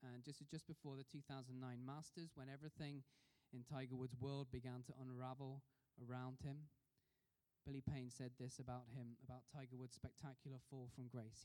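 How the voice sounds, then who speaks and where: A man's voice: medium pitch, little pitch movement, normal speed, warm tone. A man preaching a sermon in a conversational way, putting questions to the congregation. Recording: long reverb of a hall.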